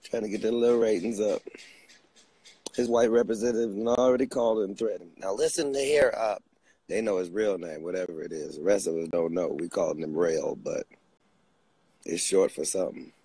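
A man comedian delivering a comic rant, swinging between loud bursts and low asides with preacher-like repeated appeals. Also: moderate pace, slightly rough, no echo.

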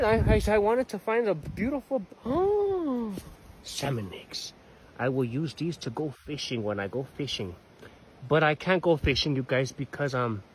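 A man's voice: on the high side, slight background noise. A man rambling to his viewers while he wanders outdoor trails, swearing freely and talking straight to the camera. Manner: chatty, swears a lot, talks to viewers as "you guys". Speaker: vlogger.

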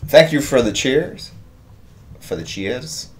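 A middle-aged man hosting a live drawing stream, giving relaxed, rambling step-by-step instructions and thanking viewers in the chat. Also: mid-range voice, takes it slowly. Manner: relaxed, rambling instructions with fillers and chat-reader shout-outs. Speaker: artist hosting a draw-along stream.

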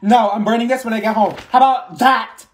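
A man's voice: extremely high pitch, fairly quick, echoey room, far from the mic. A man voicing a mouthy teenage schoolgirl who talks back to her teachers. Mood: defiant. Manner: sassy, back-talking.

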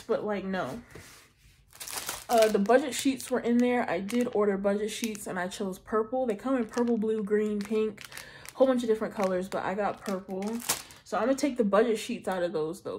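A woman in her mid-twenties chatting casually to the camera about budgeting, animated and slangy, joking as she talks. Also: mid-range voice, slight background noise. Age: 20s. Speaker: budgeting vlogger. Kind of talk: casual chat.

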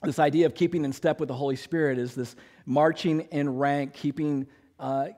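A man's voice: on the high side, fairly even intonation, moderate pace, a little mellow. Joking, conversational male pastor preaching. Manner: conversational, joking, acts out quotes. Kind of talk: sermon.

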